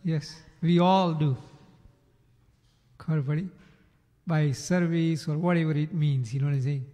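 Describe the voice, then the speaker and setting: A man's voice: on the high side, fairly even intonation, normal speed, dark tone. A man interjecting from the audience at a temple assembly to explain a point in an instructive way. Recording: distant mic, long hall reverb.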